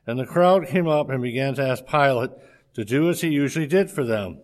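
A man reading a scripture passage aloud in a steady, measured way, with a few slips. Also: mid-range voice.

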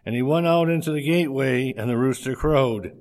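A man reading a scripture passage aloud in a steady, measured way, with a few slips. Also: mid-range voice.

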